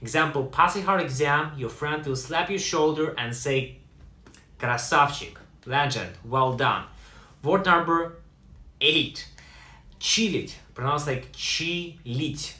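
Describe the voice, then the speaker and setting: A man teaching language in a lively way, slowing down to pronounce example words. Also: a little high, echoey room. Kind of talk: online language lesson.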